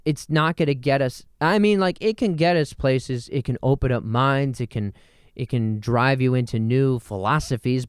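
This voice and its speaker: Young guy rambling jokey on his solo podcast, smooth clean voice, super dry close mic. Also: medium pitch, no room sound. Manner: rambling, jokey, self-interrupting. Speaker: podcast host. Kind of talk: solo comedic podcast monologue.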